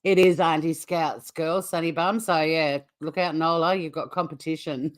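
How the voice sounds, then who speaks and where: A woman's voice: deep voice, fairly even intonation, moderate pace. An Australian woman hosting a casual livestream, chatting to viewers in a rambling way with frequent laughs. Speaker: livestream host.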